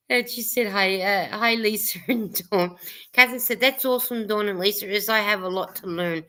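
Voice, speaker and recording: A woman's voice: medium pitch, normal speed, sharp tone. A woman co-hosting a casual livestream chat, reading viewers' comments aloud and laughing often.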